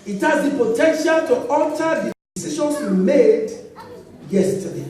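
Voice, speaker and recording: A middle-aged woman preaches with a high, lively voice that swoops up and down as she acts out every line of her story. The sound comes from far off, with heavy echo off the walls of a large church hall. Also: normal speed. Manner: animated, laughing as she tells stories, acting out dialogue. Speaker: pastor. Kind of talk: sermon with storytelling.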